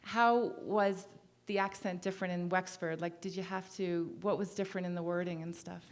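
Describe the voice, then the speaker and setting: A woman's voice: lowish voice, fairly even intonation, normal speed. A woman moderating a festival panel, asking chatty, self-deprecating questions and apologizing for fixating on a topic. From lived in Ireland as a child. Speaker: interviewer, moderator. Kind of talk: interview questions.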